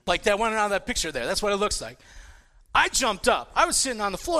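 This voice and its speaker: A man in his forties preaching a casual sermon, telling animated personal stories with many restarts and repeated words. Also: sits high, fast. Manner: repetitive restarts, animated storytelling.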